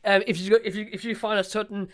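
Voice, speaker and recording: A man from South Africa with a South African accent, hosting a casual podcast interview, chatty and quick to laugh, often repeating words as he talks. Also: high-pitched, little pitch movement, very noisy. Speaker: podcast host.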